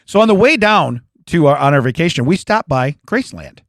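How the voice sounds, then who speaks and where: A man in his forties co-hosts a podcast, swapping stories in relaxed conversation, laughing a lot and acting out quotes. His voice is a little high and slightly bright, with big pitch swings and a somewhat fast pace, recorded in studio quality with no room sound.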